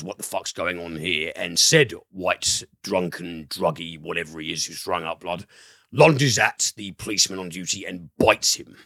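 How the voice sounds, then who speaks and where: A man's voice: low voice, vocal fry, pushed and bright, dry recording, studio quality. A man hosting a casual film review podcast, enthusiastic, rambling and profane.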